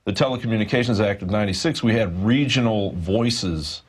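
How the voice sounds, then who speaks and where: A man with a fairly low voice reports on a studio news show. He rambles through long stretches, hesitating and leaning on fillers as he works through his points.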